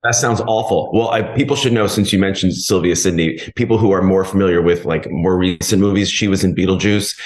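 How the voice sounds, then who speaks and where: Deep-voiced man host, roomy sound. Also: steady tone, a little fast, hardly any pauses. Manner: conversational, hedging questions. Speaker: podcast host interviewer. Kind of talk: interview questions.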